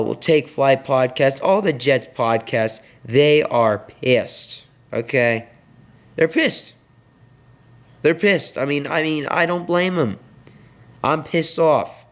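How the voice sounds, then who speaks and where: A man's voice: medium pitch, smooth. A young man hosting his own sports video, rambling with many fillers through a frustrated post-game rant. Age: young adult. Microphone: headset.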